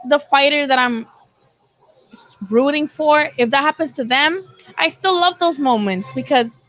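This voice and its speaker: A woman hosting a boxing channel's live chat talks casually and animatedly, swearing freely and acting out what people said. Her high voice is a bit bright, and the recording quality is low.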